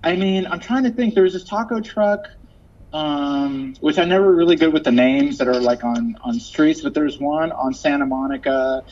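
A man who is a musician, chatting casually as a guest and telling stories with lively quoted voices. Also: moderate pace. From Los Angeles. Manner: animated storyteller, acts out quotes in a high voice. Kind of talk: casual chat. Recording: slightly dull audio with faint noise.

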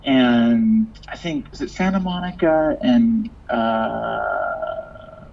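A man who is a musician, chatting casually as a guest and telling stories with lively quoted voices. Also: drawn-out words, creaky. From Los Angeles. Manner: animated storyteller, acts out quotes in a high voice. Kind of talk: casual chat. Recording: slightly dull audio with faint noise.

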